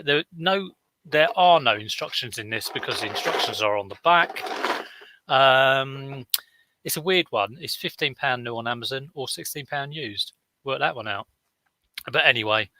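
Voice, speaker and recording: A man's voice: mid-range voice, moderate pace, background noise. A middle-aged man, rambling through anecdotes in a casual vlog chat with viewers. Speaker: online reseller vlogger.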